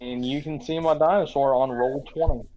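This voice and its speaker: A man playing in a tabletop role-playing game, answering in an unhurried, slightly hesitant way. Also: mid-range voice, fairly even intonation. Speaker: player. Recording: dull, slightly noisy mic.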